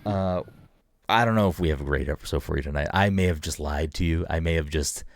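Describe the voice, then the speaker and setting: A laid-back man co-hosting a podcast, with a very low voice. He rambles through chat and swears casually. The sound is dry and close on the mic. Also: fast, no room sound. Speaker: podcast co-host.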